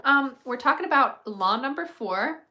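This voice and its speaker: A woman's voice: high voice, animated, moderate pace, bright, forceful tone, poor audio. A young woman hosting a casual livestream, talking through advice with many fillers and asides to her viewers. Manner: chatty, filler-heavy, frank advice. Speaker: livestream host.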